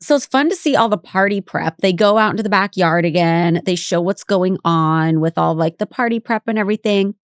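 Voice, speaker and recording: In a dry, studio-quality recording, a woman in her forties co-hosts a casual podcast where she rewatches something and chats about it. Her mid-range voice is smooth and brisk, with few pauses, and her tone is candid and wry, with occasional impressions of other people.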